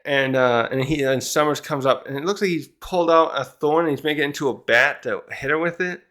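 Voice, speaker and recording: A man's voice: on the high side, fairly quick, fairly bright tone. A man hosting his own channel, recapping and reacting to a comic chapter in casual commentary, thinking aloud as he goes. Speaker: manga chapter reviewer, channel host.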